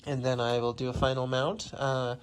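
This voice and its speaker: A man talks loosely through a car-build update from his garage, his voice sitting at an ordinary middle pitch. He rambles, trails off with fillers and keeps clearing his throat. A faint hiss of noise runs underneath. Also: little pitch movement, moderate pace. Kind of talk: casual build-update vlog.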